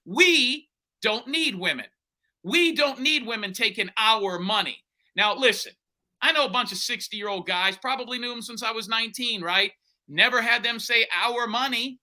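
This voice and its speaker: A man's voice: very high voice, bright, forceful tone. A man working as a private investigator, telling his story bluntly in an interview and acting out the dialogue he quotes.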